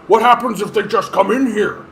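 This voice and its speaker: A man's voice: high voice, moderate pace, gravelly, fairly bright tone, slight background noise, voice pushed up. A man impersonating a panicking older male president. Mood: panicked.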